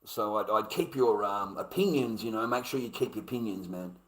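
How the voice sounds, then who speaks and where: A man's voice: fairly low pitch, fairly quick, fairly bright tone, low-quality recording. An Australian man streaming, talking in a blunt, sweary, rambling way, laughing often and calling listeners mate. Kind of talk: casual ranting chat.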